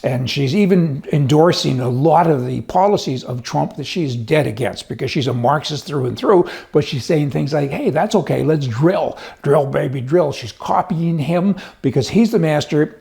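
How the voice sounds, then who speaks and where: A man's voice: a little high, lively intonation, moderate pace, creaky, few pauses, darkish tone. A man giving opinionated news commentary in a folksy, emphatic, chatty way. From United States.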